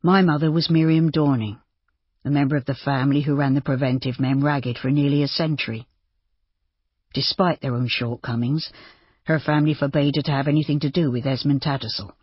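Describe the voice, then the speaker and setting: A self-assured gentleman who speaks with easy, cool firmness and a trace of scorn, played by the narrator. His voice sits a little low and sounds slightly husky. The recording is dull and dry. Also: fairly even intonation, normal speed, dry recording, close to an everyday voice. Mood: firm. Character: confident gentleman heir, calm and scornful.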